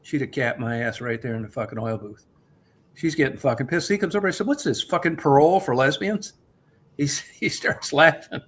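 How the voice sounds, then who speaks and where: A man's voice: mid-range voice, lively intonation, a little fast, fairly bright tone, husky. A man telling a heated, profane story in casual chat as the host.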